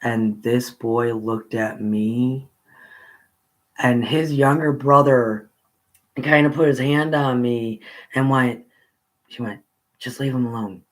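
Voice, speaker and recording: Man telling a rambling childhood story. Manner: rambling, with pauses and restarts, rising pitch when excited. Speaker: channel host telling a personal story. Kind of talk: casual storytelling.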